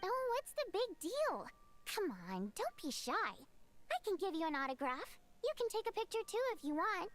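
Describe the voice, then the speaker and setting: A woman's voice: very high voice, moderate pace, heavily acted. An actress voicing a bubbly, chatty young woman in a video game. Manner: chatty, teasing, excitable.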